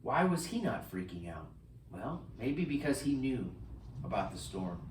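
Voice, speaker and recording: Lively pastor preaching, voice all over the place, kinda far off in an echoey church. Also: male voice, medium pitch, unhurried, a little hiss or hum. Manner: animated, swings between loud and hushed, acts out quotes. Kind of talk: sermon. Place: church sanctuary.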